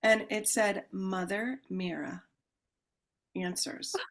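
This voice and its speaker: A woman guest on a podcast telling a personal story in a casual way. She acts out the voices of people in it, jumps to loud exclamations, and turns calm and measured when she explains a ritual. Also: medium pitch.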